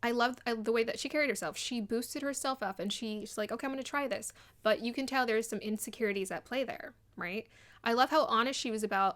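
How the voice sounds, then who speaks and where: A young woman giving casual, animated commentary on a dating show, acting out quotes in an excited voice. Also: a little high, quick pace. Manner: chatty and animated, mimics people in quotes.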